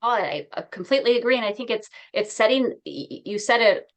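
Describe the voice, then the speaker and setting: A woman's voice: a little high, lively intonation, quick pace. A woman hosting a radio talk show, upbeat and affirming, chatting with a guest and reading her sign-off. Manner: upbeat, affirming, acts out quotes playfully. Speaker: host.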